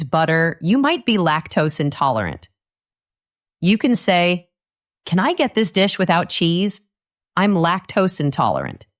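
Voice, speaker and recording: A woman narrating a scripted English lesson, speaking clearly and patiently and acting out short dialogue lines. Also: lowish voice. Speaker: English teacher.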